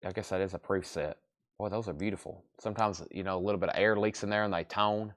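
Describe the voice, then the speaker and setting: A man's voice: sits low, fairly even intonation, fast. A man hosting a live online sale, chatting in a folksy, easygoing salesman patter and sounding tired. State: sleepy, yawning. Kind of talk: live auction selling.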